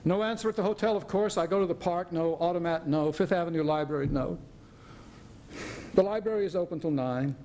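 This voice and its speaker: A man's voice: fairly high pitch, fairly quick, a little mellow, slight background noise, lightly acted. An older man giving a dramatic reading of a play, voicing a blunt, worried male writer friend who narrates his memories. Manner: blunt, reflective.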